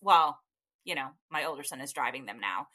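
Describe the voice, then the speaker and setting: Woman, bright tone, chatty, rambling, laughs often. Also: very deep voice, expressive, fairly quick. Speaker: guest. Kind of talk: casual chat. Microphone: call audio.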